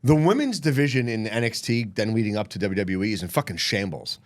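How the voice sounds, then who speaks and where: A man's voice: on the low side, a little fast. A man co-hosting a wrestling podcast, telling stories and ranting in a profane, laughing way. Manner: animated storyteller, profane, laughing. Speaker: podcast co-host, former wrestler. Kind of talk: casual podcast chat. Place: studio.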